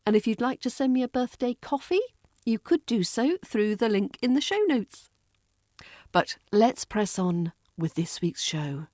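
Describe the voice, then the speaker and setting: A British woman hosting a podcast lesson, teaching phrases in a cheerful, clear voice and repeating them slowly. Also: on the high side, lively intonation, a little mellow. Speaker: accent coach and podcast host.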